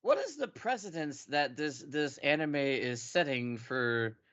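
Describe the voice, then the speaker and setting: A co-host chimes in at a slow, unhurried pace with wry reactions in a casual chat. The voice moves lively up and down, and the sound is dull and somewhat lo-fi. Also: medium pitch. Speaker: anime podcast co-host.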